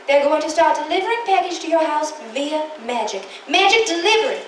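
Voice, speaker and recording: A woman's voice: sits high, natural voice. A woman playing a glamorous, affected stage magician with a Canadian accent, who gushes and calls everyone darling. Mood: gushing. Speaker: comedy magician. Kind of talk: live stage character comedy. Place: stage before a live audience. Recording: roomy, distant live stage recording with noise.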